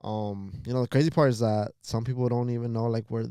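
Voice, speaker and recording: A man co-hosting a casual podcast, talking in a measured way with many fillers like "you know". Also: medium pitch, steady tone, mellow, clean tone, dry recording, clean studio sound. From Los Angeles area. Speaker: podcast co-host. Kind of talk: casual chat.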